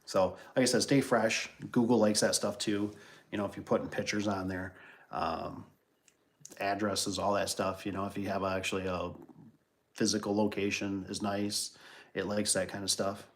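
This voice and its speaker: A man with a slightly low voice chats casually on a livestream about his garage door trade. He wanders through stories and asides, full of "you know" and "like" and false starts. Now and then he stops to read viewer comments aloud and riff on them. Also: level tone, normal speed. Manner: rambling, loose, with many fillers and restarts. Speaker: garage door business owner hosting a livestream. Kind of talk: casual livestream chat and storytelling.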